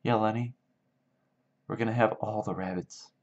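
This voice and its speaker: A man doing a soft-spoken, soothing ranch hand. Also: lowish voice, fairly even intonation, normal speed, lightly acted. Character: weary grown man, gentle protective friend. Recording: dull lo-fi sound.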